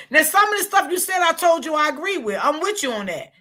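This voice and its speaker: A woman's voice: high-pitched, sing-song, fairly quick, hardly any pauses, bright, forceful tone. A woman commentating on a live stream, blunt and profane, speaking straight to her viewers. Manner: blunt, profane, emphatic, talks straight to the audience. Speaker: online commentator.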